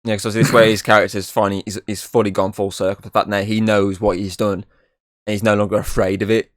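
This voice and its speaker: Low-ish guy hosting a movie podcast, rambly, keeps restarting, dry close mic. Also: flat delivery, fast, no room sound. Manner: rambling, leans on "obviously" and restarts. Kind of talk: casual film review chat.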